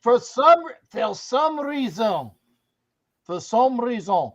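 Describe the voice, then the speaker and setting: A man's voice: extremely high pitch, big pitch swings, slow. A man hosting a sports podcast, talking in a joking, boisterous way and breaking into song. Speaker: podcast host. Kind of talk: casual sports talk. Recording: dull lo-fi audio.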